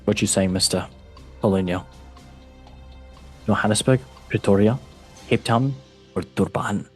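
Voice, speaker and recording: A man's voice: on the low side, measured pace, breathy edge, faint music behind. A man hosting a football quiz, playful and teasing, calling his guest mate. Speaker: podcast host and quizmaster. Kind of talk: casual podcast chat.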